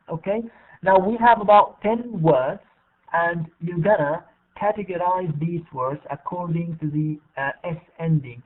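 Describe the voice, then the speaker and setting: A man teaching English in an online class, speaking haltingly with many fillers and repeated words. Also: fairly high pitch. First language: Arabic. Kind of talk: bilingual online lesson. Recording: tinny phone-like online call audio.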